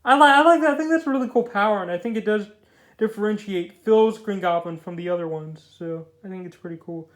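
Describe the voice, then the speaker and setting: A man's voice: high voice, fast talker, roomy sound. A young man casually reviewing a comic book. He rambles loosely, restarts his sentences and leans heavily on fillers.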